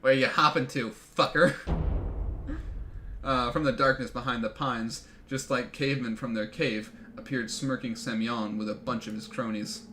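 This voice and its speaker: A man's voice: mid-range voice, flat delivery, normal speed, few pauses, bright, forceful tone, slight background noise. Joking male streamer reading aloud. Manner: jokey, swearing asides. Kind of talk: reading a visual novel aloud on a live stream. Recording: game music behind voice.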